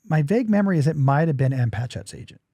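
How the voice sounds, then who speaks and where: A man's voice: fairly high pitch, animated, quick pace, dark tone, dry recording. A man hosting a podcast in casual chat, joking and rambling, while losing his voice. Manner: joking, self-deprecating, rambling asides. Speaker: podcast host.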